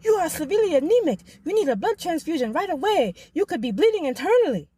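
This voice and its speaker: A woman voicing a panicked male doctor who delivers urgent news in a rushed, alarmed way. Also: sing-song, mellow, no echo. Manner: alarmed, rushed and high-pitched.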